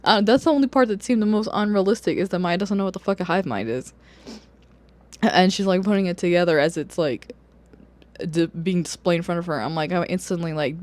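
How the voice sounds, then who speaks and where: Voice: mid-range voice, a little fast. Loose, swearing book vlogger chat. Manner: loose, profane, full of fillers and laughs. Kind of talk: casual book review chat. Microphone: camera or phone on a wobbly stand.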